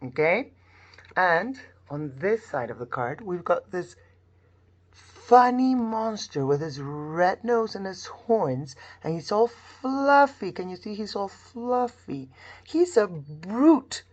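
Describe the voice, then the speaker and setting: Animated teacher woman, dull lo-fi sound. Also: mid-range voice, takes it slowly. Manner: sing-song, exaggerated sound modelling. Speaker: primary school teacher. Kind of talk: phonics lesson for young children.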